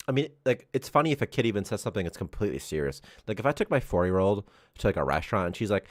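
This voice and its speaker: A man in his thirties chatting casually on a live development stream, telling rambling, animated stories and laughing often. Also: sits low, fast talker, hardly any pauses, no room sound, studio quality. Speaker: game developer co-hosting a dev stream.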